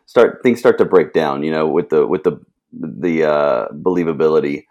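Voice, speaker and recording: A man's voice: sits low, animated, a little fast, a little mellow. A man co-hosting a casual film podcast, hesitant and trailing off as he talks. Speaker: podcast co-host.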